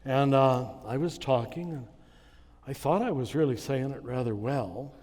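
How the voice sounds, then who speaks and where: A man giving a spiritual conference talk to a live audience. He tells stories at an unhurried pace and chuckles at his own anecdotes. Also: mid-range voice, a little mellow, long reverb tail. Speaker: conference speaker. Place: large hall with a live audience.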